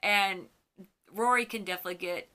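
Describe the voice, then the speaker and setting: A woman's voice: mid-range voice, brisk, pushed and bright, clear, resonant tone. A woman hosting a fan channel, gushing about a TV episode in a casual recap, with plenty of ums and self-corrections. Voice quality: chatty and gushing. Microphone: on camera.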